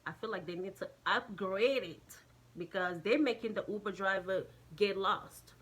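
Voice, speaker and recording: A woman's voice: medium pitch, normal speed, a bit bright, husky. A woman with a Jamaican accent telling a casual storytime, rambling, swearing and restarting sentences often. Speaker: vlogger.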